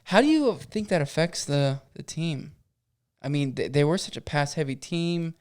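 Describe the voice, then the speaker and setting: Male podcast co-host, casual and talkative, with a clean, slightly higher voice. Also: animated, moderate pace, darkish tone. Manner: upbeat, chatty, laughs easily. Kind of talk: casual sports chat.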